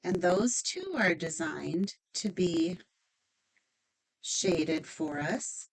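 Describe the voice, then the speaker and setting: Slow-talking chatty woman craft demonstrator. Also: lowish voice, expressive, poor audio. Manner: chatty, upbeat, thinking aloud with fillers. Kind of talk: stamping craft tutorial.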